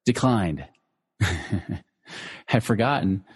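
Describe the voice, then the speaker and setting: A man's voice: lowish voice, animated, extremely slow, husky, in a large hall. A middle-aged man who teaches personal finance, telling listeners a personal story in a loose conversational way, full of fillers and restarts. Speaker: financial educator.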